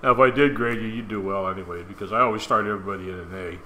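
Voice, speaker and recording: A man in his sixties leading a church Bible study, talking in a relaxed, rambling, folksy way. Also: fairly low pitch, rapid-fire. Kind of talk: casual group Bible study talk. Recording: noisy room recording.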